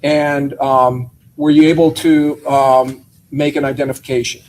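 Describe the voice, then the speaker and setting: A man questioning a witness in a courtroom, asking measured, methodical questions with occasional hesitations. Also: mid-range voice, level tone, darkish tone, rough recording.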